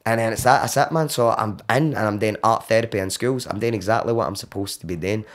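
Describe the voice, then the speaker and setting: A Glaswegian man from Scotland, a podcast guest who tells his story in casual chat, animated and swearing freely. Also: on the low side, quick pace. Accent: Glaswegian Scottish. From Glasgow, Scotland. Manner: animated, swears freely, acts out quoted voices.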